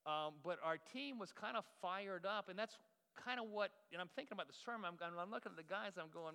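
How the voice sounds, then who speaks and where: Pastor guy preaching, folksy and joking at himself, bright voice, big echoey church. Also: high voice, lively intonation, brisk, vocal fry, clear, resonant tone. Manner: folksy, self-deprecating storyteller. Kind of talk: sermon. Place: church sanctuary.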